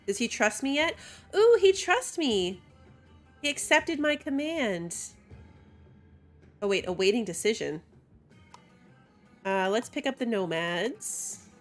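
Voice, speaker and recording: A woman of medium pitch speaks at a measured pace with long pauses, animated and backed by soft music. She's streaming a city-building game in casual commentary, chatting with viewers, reading chat aloud and laughing often.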